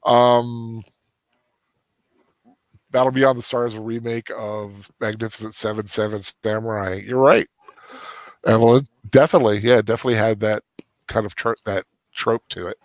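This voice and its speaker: A man hosting a casual post-movie chat, rambling and halting with lots of restarts and fillers. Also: lowish voice, steady tone, no room sound. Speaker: host.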